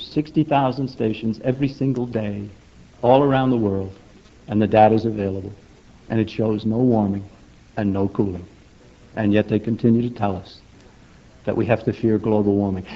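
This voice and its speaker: An older man giving a public lecture in an emphatic, rhetorical manner, often asking the audience for agreement. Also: medium pitch. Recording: dull lo-fi recording.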